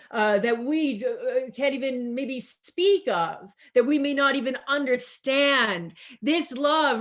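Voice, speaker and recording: A woman pastor preaching over a video call, with a slightly higher voice that takes its time. She builds her points through emphatic repetition and stretches out the key phrases so they land.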